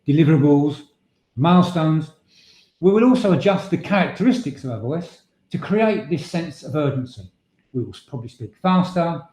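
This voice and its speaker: A man's voice: a little high, mellow. A man presenting a webinar on voice and leadership, explaining points steadily with occasional restarts. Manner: measured, explanatory, with frequent filler restarts. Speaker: voice and presentation trainer. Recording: echoey room sound.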